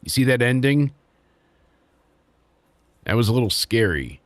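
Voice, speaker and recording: A man's voice: mid-range voice, big pitch swings, a little slow, no echo. Crude sarcastic man recapping wrestling. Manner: sarcastic, crude, acts out quotes. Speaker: podcast host reviewing wrestling. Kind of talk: casual profane recap.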